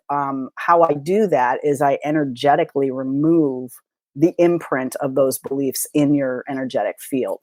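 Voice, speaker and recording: A woman's voice: low voice, a little mellow, no echo. A middle-aged woman, a mindset coach, talking brashly and casually in an interview and swearing freely.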